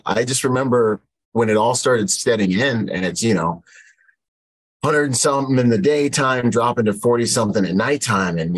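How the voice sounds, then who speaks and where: Husky-voiced man telling a war story. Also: low voice, fairly bright tone, low-quality recording. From United States. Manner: rambling war story with many fillers and acted quotes. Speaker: podcast guest. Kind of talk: casual storytelling.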